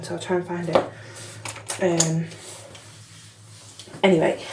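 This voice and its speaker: A woman's voice: lowish voice, background noise. A young woman telling her story in a chatty, frank vlog, swearing casually. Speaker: vlogger. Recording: echoey room, slightly far from mic.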